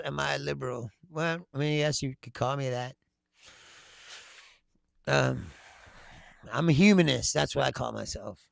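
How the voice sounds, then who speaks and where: Blunt and profane, this political commentary host laughs frequently as he talks. His voice sits on the high side, gravelly with a sharp tone, and there's no room sound.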